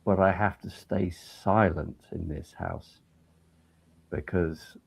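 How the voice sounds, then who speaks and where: An older man, a judge and guest, telling lively anecdotes in casual chat over a video call. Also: sits low, slow, vocal fry, breathy edge.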